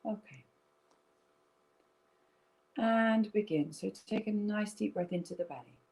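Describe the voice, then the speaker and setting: A middle-aged woman with a mellow, dark-toned voice talks students through a slow breathing exercise. Her delivery is soft and soothing, and she often stops to check in with them. She sounds like a calm yoga teacher leading an online class. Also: mid-range voice, rough recording. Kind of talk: guided breathing instruction. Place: home, via online stream.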